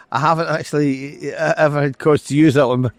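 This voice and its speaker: A middle-aged author reading from his novel and chatting as a guest, wry and quick to correct himself, recorded outdoors by a street. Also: fairly high pitch, steady tone, dry recording. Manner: dry, wry and self-correcting. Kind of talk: reading aloud from a novel, then casual conversation.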